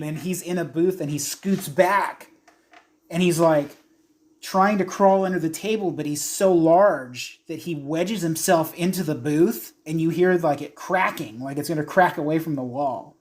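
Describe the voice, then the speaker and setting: A male game master narrating a horror tabletop session at a slow, even pace. He lingers over descriptions, with plenty of "um" and "like" as he sets the scene. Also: fairly high pitch. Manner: descriptive, unhurried storytelling with fillers.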